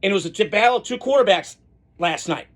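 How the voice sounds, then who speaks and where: A man's voice: high-pitched, lively intonation, fast, fairly bright tone. A man hosting a college football podcast, giving casual, opinionated solo commentary with rambling asides and frequent restarts.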